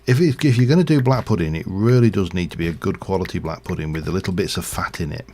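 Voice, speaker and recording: A middle-aged man rambles chattily through a game livestream, with fillers and chuckles along the way. He has a low, warm voice and a quick pace.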